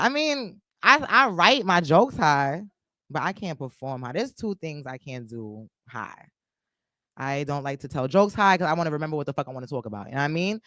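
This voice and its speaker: A woman's voice: fairly low pitch, fairly bright tone. A woman with a New York accent doing a raunchy stand-up set on a club stage. Her voice swings widely up and down as she teases the crowd. The sound is close and dry, with little room echo. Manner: crude, loose and teasing with the crowd. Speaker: stand-up comedian.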